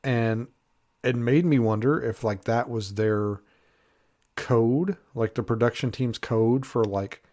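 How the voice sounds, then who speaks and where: A man's voice: medium pitch, takes it slowly, darkish tone. Rambling man reviewing a show. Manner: rambling, many fillers, laughs at own jokes. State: congested. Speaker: Bigfoot researcher reviewing a TV show. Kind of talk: casual commentary.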